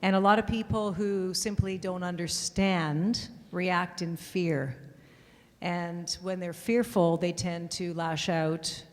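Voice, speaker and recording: A woman's voice: fairly low pitch, steady tone, takes it slowly. A woman on a convention panel answering thoughtfully and earnestly, recorded in a reverberant hall. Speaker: voice actress on a panel.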